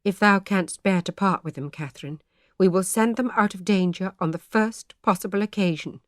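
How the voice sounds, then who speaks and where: A woman's voice: mid-range voice, normal speed, no room sound, clean studio sound, natural voice. A woman doing a grave, troubled parson. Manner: grave, pleading, formal old speech. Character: troubled devout male parson, solemn.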